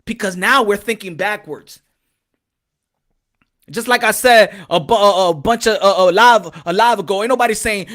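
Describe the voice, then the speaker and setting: A man on a boxing talk show rants heatedly, swearing and repeating himself for emphasis. His voice sits high and comes through bright and cutting. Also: normal speed. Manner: heated, profane, animated ranting with repeated phrases. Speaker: boxing commentator.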